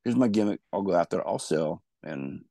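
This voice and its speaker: A man's voice: deep voice, lively intonation, normal speed, creaky, warm tone, dry recording. A man telling rambling stories about his wrestling days in a casual interview. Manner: rambling, loose storytelling with restarts. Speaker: guest, former pro wrestler.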